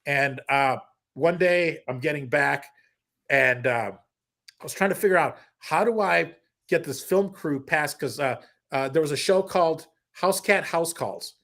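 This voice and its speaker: Animated storytelling man, slightly high voice. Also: measured pace, creaky. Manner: animated, many restarts and quoted asides. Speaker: guest comedian. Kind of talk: casual storytelling.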